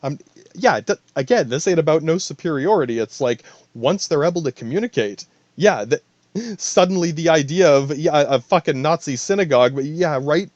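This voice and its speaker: A man's voice: fairly high pitch, animated, moderate pace, darkish tone, no room sound, lo-fi sound. A man hosting a podcast alone, rambling in a profane, stream-of-thought monologue full of asides. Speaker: podcast host.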